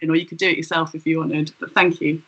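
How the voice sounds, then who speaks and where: A woman chatting on a video call, quick and talkative with laughing asides. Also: deep voice, flat delivery, a bit bright, highs cut off. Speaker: guest comedian. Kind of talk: casual video-call chat.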